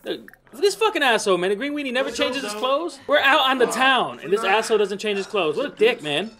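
A man's voice: very high-pitched, animated, a little fast, crowd noise. A man giving rambling, profane commentary over a life-simulation game, often mocking its characters. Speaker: gamer. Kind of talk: profane Let's Play commentary.

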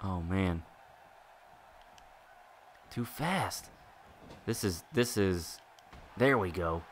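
A man giving excitable live commentary while playing a wrestling video game, groaning and exclaiming at each turn. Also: deep voice, slow pace, slight background noise. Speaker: gaming YouTuber.

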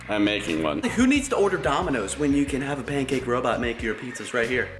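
Excitable male vlogger, lively voice. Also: medium pitch, brisk. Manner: excitable, exclaiming often. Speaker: vlogger host. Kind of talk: excitable casual vlog chat. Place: indoors at home. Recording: echoey room, faint music.

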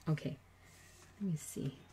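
A woman's voice: a little slow, warm tone, slight background noise. A middle-aged woman hosting a papercraft tutorial, chatting with viewers and teasing herself about nervous mistakes. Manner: chatty, self-teasing, nervous jokes to her audience. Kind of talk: casual crafting demo, talking to viewers.

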